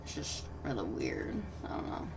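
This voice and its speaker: Woman gamer commentating casually; low, gravelly voice that wanders and trails into mutters, recorded a bit far from the mic. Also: sing-song, moderate pace, background noise. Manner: rambling, self-interrupting, drops to soft mutters. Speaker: gaming commentator.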